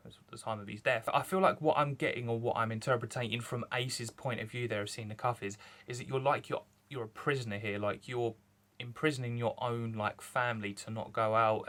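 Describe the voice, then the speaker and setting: A young man, reviewing a manga chapter in rambling, excited casual chat. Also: mid-range voice, normal speed. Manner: rambling, excited, lots of fillers.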